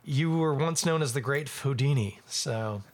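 A man from Canada hosting a podcast in casual chat, animated and quick to laugh, jumping up high when he exclaims. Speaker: podcast host.

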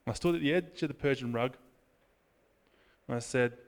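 A man's voice: medium pitch, normal speed. A man preaching in a casual storytelling way, self-deprecating and chatty, moving into prayer. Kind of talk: sermon with personal storytelling.

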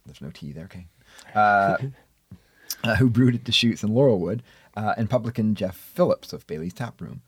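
The recording is dry as an economics professor co-hosts a casual podcast chat from a radio studio on a studio mic. He's expressive at a moderate pace, his lowish voice breathy-edged, and he jokes dryly while hesitating often.

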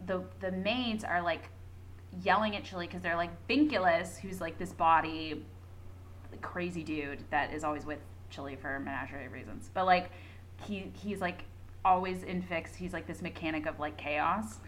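A young woman co-hosting a podcast, retelling a story excitedly with lots of fillers and swearing. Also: fairly low pitch, moderate pace, a little hiss or hum, poor audio. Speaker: podcast co-host. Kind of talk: casual fandom chat.

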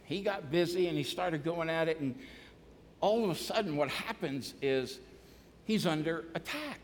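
A male pastor preaching a sermon to a church, energetic, often shouting and singing along with the congregation. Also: fairly high pitch, moderate pace, long reverb tail, a little hiss or hum. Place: large church hall.

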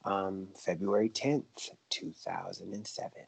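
A man in his thirties with a deep, husky voice tells his own story to a friend on a podcast. He talks in a lively, rambling way and laughs easily. The sound is dry and close. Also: measured pace, no echo. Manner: animated, chatty, laughs often. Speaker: podcast guest, Broadway performer and dancer. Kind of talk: casual conversational storytelling.

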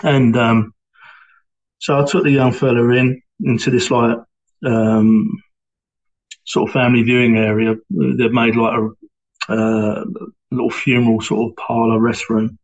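A middle-aged man recalls his time as a police sergeant. He speaks haltingly, with many fillers and restarts. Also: medium pitch, muffled recording. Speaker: interviewee, former police sergeant. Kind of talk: reflective personal account.

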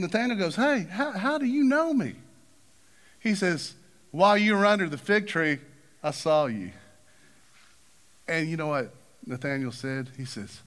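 A man preaches a sermon. He talks in a high register and his pitch leaps around as he acts out the people in his stories. His phrasing has a drawling turn. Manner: animated, acts out quoted figures with big pitch swings.

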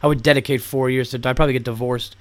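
A man's voice: medium pitch, rapid-fire. A man hosting a podcast, rambling and swearing through a comedic rant. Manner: rambling, profane, animated ranting. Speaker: podcast host. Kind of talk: comedic monologue.

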